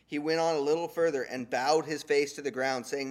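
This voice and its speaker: A man preaching a sermon, retelling scripture in a conversational, animated way with casual slang. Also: on the high side, a little fast, few pauses.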